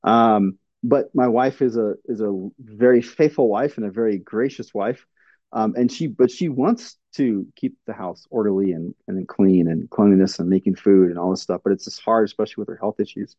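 A man's voice: lowish voice, normal speed, dry recording, lo-fi sound. A middle-aged man teaching in a plainspoken sermon style, earnest, with frequent fillers and restarts. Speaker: pastor.

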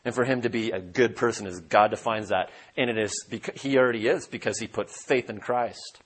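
A man preaching an expository sermon, emphatic, asking his listeners rhetorical questions and swinging between loud and soft. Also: on the low side, brisk, breathy edge.

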